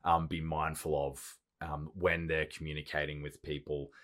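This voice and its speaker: A man with a very low voice hosting a conversational interview. His questions wander and restart, padded with fillers as he works his way to the point. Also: flat delivery, moderate pace, a bit bright. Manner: rambling, hesitant questions with many restarts. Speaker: podcast host.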